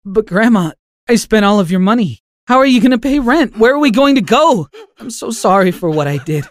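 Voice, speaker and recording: A man's voice: high voice, animated, brisk, pitched above the performer's own voice. A man voicing a teenage boy who pleads in a choked, tearful way.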